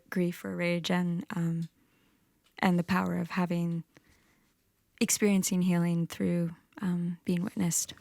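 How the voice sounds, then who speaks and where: A woman singer-songwriter casually retells a myth between songs in a music session recorded on a campus, using plenty of fillers. Her voice is on the low side and creaky, captured in a dry, studio-quality recording.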